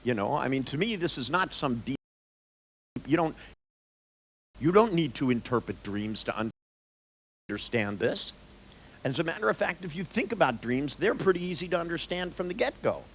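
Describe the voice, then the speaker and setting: A man's voice: on the high side, normal speed, pauses often, a little hiss or hum. A man presenting a workshop, telling stories to an audience and acting out the dialogue as he goes. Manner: animated storyteller, quoting others in dialogue. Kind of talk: storytelling lecture to an audience.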